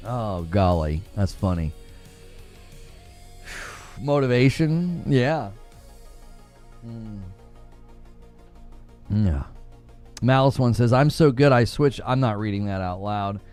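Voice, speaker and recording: A man's voice: on the low side, lively intonation, slow pace, pauses often, darkish tone, soft background music. A man hosting a casual gaming livestream, joking around, laughing often and answering his chat. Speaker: livestream host.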